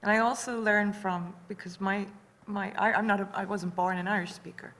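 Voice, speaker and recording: A woman on a panel speaking in a reflective, measured way. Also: mid-range voice, steady tone, fairly bright tone. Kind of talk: panel discussion.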